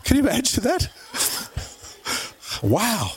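A man preaching with a high, bright-sitting voice. He tells stories with animation and keeps firing questions at his listeners. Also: takes it slowly, breathy edge. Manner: animated storyteller, asks the crowd questions. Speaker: pastor. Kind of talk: sermon.

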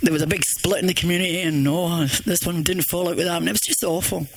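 A woman's voice: fairly low pitch, fast talker, slight background noise. An older woman with a Scottish accent giving an earnest, rambling church testimony with many restarts. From Scotland.

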